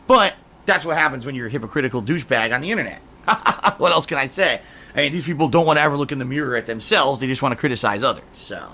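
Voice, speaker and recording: A man's voice: medium pitch, fast, pushed and bright. A man streaming a game, ranting angrily and profanely at his viewers. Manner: angry, profane, mocking.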